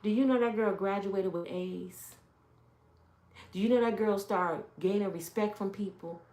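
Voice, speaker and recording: A woman's voice: mid-range voice, a little slow, warm tone, reverberant. Emphatic woman preaching from home. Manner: emphatic, storytelling, talks straight to viewers. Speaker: motivational speaker. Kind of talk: casual preaching live stream. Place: home, with kids in and out.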